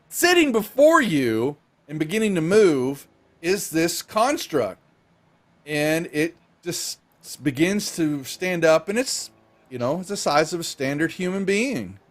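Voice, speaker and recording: Male DM, mid-pitched, halting live-stream game narration. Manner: halting, filler-heavy narration. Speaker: dungeon master.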